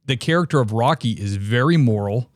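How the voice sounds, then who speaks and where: Male interview host from the Boston area, mid-pitch, eager and talkative, dry recording. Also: animated, fairly quick, no room sound. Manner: chatty, enthusiastic, many fillers. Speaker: podcast host. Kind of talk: casual interview chat.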